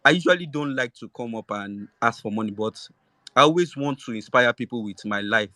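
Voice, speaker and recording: A man speaks haltingly, stopping often for ums and restarts. His voice is bright and forceful in tone, though his pitch stays in an ordinary middle range. The sound is dry and close. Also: animated, no room sound. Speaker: guest author. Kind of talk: emotional thank-you speech.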